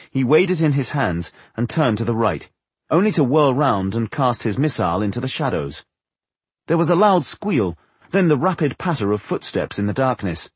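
A man reading a fantasy novel aloud as narrator, in a measured, expressive storytelling manner. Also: mid-range voice, husky, no echo. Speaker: audiobook narrator. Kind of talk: scripted narration.

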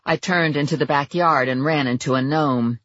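A woman narrating a first-person audiobook in a lively, expressive way. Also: low voice, normal speed, no echo, highs cut off.

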